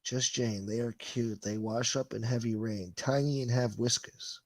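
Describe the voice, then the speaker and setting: A man's voice: medium pitch, fairly even intonation, moderate pace, no room sound. A man hosting a livestream, reading viewer comments and chatting in a rambling, profane way. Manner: rambling, swears a lot, laughs. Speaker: livestream host reading chat. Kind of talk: casual profane chat.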